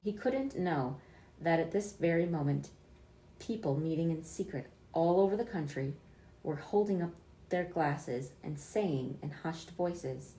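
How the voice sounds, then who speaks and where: A woman reading a children's book aloud, expressive, with small slips she corrects. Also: low-pitched, unhurried, echoey room, a little hiss or hum. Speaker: storyteller.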